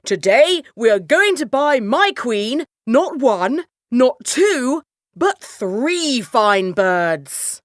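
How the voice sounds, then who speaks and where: A jolly storybook king voiced by a woman, slightly high and full of lively swoops, unhurried and grand. Every line lands with hearty emphasis. The voice sits dry and close to the mic. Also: dry recording, heavily acted. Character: jolly, generous old king, grand and eager. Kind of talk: storybook character voice.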